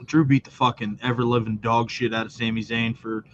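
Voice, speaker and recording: Measured man on a dull mic. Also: medium pitch, little pitch movement, a bit bright, slight background noise. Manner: measured, many fillers. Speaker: podcast co-host. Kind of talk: casual chat.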